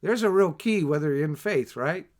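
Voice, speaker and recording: A man preaching a Bible teaching sermon on a livestream, animated, with asides and rhetorical questions. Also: on the high side, moderate pace. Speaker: pastor.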